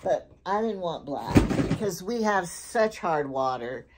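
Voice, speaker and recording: A middle-aged woman with a notably low voice talks through her shopping haul in a loose, chatty way. She drifts from one story to the next and loses her thread along the way. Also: big pitch swings, measured pace, background noise. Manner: rambling, digressive storytelling. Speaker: lifestyle vlogger. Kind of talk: casual shopping haul chat.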